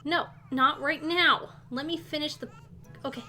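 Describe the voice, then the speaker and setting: Bright high-voiced exasperated woman streamer. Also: fairly even intonation, unhurried, slight background noise. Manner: exasperated, swearing, scolding game characters. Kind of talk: casual live gameplay chat.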